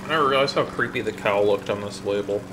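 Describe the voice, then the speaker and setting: A man co-hosting a let's play in casual chat, excitable and given to swearing when something annoys him. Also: fairly low pitch, quick pace, background noise.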